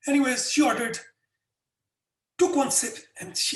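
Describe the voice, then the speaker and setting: A man's voice: very high-pitched, fairly quick. Echoey, distant middle-aged man telling stories. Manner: animated anecdotes with frequent restarts. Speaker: guest. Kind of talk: conversational storytelling. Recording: echoey room, distant mic.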